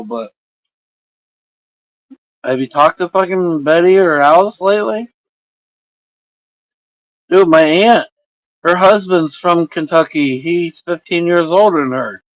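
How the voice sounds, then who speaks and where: A man's voice: a little high, takes it slowly, pauses often, dry recording, low-quality recording. Profane, rambling man chatting with viewers. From Indiana. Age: 40s. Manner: profane, rambling, swears constantly. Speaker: livestream host. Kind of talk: casual chat with viewers. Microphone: streaming setup microphone.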